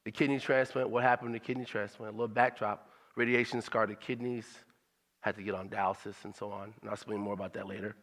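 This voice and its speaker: A man's voice: on the low side, little pitch movement, fast, fairly bright tone, in a large hall. A man speaking at a church service in a conversational, motivational way, repeating his questions for emphasis.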